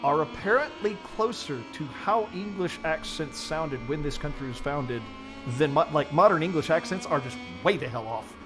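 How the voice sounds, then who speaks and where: Laughing American race commentator, music behind. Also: male voice, a little high, animated, moderate pace. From United States. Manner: laughs a lot, jokey. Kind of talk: casual live-stream banter.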